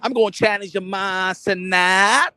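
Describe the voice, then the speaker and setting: A man's voice: high-pitched, steady tone, a little slow, pushed and bright, no echo. A man who makes boxing videos, ranting in mock disbelief, swearing and repeating himself for effect. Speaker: boxing content creator. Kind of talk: comic rant to camera.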